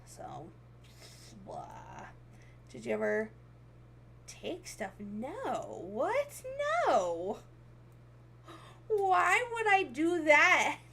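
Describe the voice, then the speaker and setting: A woman's voice: high-pitched, huge pitch swings, drawn-out words, vocal fry, pauses often, a bit bright, slight background noise. A young woman streaming as a VTuber, chatting casually and giggling often as she reads comments aloud. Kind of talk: casual livestream chat, reading comments.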